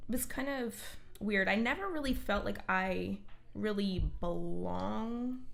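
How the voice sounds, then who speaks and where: Gravelly-voiced New Jersey woman. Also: mid-range voice, takes it slowly. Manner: animated storyteller. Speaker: guest. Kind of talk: casual podcast chat.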